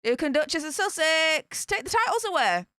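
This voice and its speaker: A British woman giving scornful live-stream commentary in an excitable voice that swings between shrieks and mutters. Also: high-pitched, moderate pace, dry recording, studio quality. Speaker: royal news commentator.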